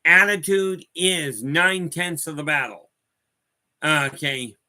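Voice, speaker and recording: Man, livestream host, bright piercing tone, slightly high voice, rambling storyteller. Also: takes it slowly. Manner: rambling storyteller, addresses viewers by name. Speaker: host of a spiritual talk stream. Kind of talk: casual talk answering viewer chat.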